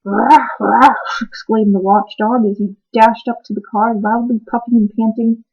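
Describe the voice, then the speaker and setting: A woman reading a children's book aloud in a gentle, even storytelling manner. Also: a little high, normal speed, breathy edge. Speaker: reader. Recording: tinny phone-like sound.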